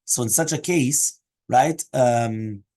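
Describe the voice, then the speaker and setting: A man's voice: mid-range voice, slow, mellow. A man teaching a daily Talmud class, explaining each Aramaic phrase in English and often checking with "right?" and "okay?". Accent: Hebrew and Aramaic terms mixed into English.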